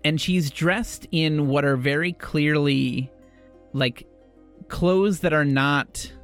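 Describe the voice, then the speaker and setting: A man's voice: fairly high pitch, slow, a bit bright, soft background music. Casual male game master. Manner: casual, filler-heavy narration. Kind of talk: narrating a tabletop game.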